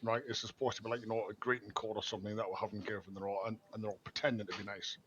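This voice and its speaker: Fast-talking man, dull lo-fi sound. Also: fairly low pitch, flat delivery, a bit bright, slight background noise. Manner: rambling, unsure questions. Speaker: player.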